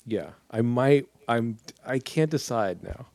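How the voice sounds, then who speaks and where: A man's voice: medium pitch, animated, slow, darkish tone, no room sound. A man moderating a casual podcast, playful and teasing as he questions each panelist in turn.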